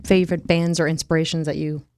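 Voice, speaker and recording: A woman hosting a casual live-stream chat, giggly and halting, with lots of restarts. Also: deep voice, level tone, noisy background. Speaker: host.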